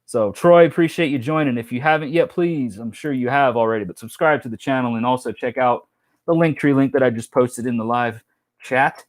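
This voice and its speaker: A man's voice: medium pitch, brisk. Chatty man rambling on a live stream. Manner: rambling, chatty storytelling with many fillers and restarts. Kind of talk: casual live-stream chat.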